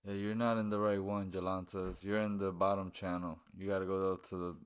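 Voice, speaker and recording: Deep, smooth-voiced laid-back stream host. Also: male voice, little pitch movement, a little fast. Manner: laid-back, repeats phrases. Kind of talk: casual live-stream chat and game commentary.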